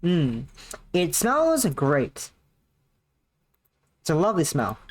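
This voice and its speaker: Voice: mid-range voice, huge pitch swings, slow. Rambling, sweary streamer at a laptop. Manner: rambling, sweary, self-mocking. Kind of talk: casual livestream chat while playing. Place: home, seated at a laptop.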